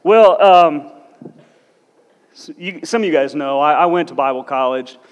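Joking cop speaking in an echoey church. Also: male voice, on the high side, unhurried. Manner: self-deprecating, joking, admits nerves; blunt, no-nonsense. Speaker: guest speaker, police officer. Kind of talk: humorous church talk with personal stories. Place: large church hall. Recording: echoey church hall with long reverb.

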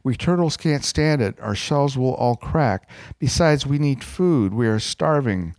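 A man's voice: medium pitch, expressive, a little slow, a little mellow, no echo, studio quality, voice pushed up, close to an everyday voice. A man voicing a humble little male turtle in a storybook, meek and complaining. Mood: pleading. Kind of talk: reading a storybook aloud.

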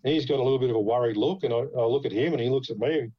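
An Australian man hosting a podcast tells stories in casual chat, swearing freely and laughing along the way. His medium-pitched voice is husky and rapid-fire, and the audio is dull.

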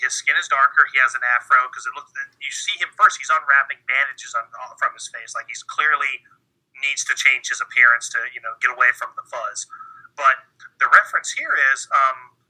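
A man's voice: mid-range voice, bright, forceful tone, rough recording. A man co-hosting a casual podcast, rambling with many fillers and restarts, now and then swearing. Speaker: podcast co-host. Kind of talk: casual chat.

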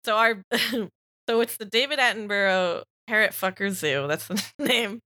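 A woman's voice: medium pitch, animated, pushed and bright, no room sound, studio quality. A woman co-hosting a podcast, giggling often and jumping in with jokes and reactions. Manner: giggly, quick to joke and react. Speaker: podcast co-host. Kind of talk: casual chat.

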